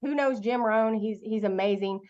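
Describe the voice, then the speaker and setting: A middle-aged woman giving a motivational talk to an online audience, telling a lively story and asking her listeners questions. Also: medium pitch, normal speed, dull audio. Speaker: guest speaker.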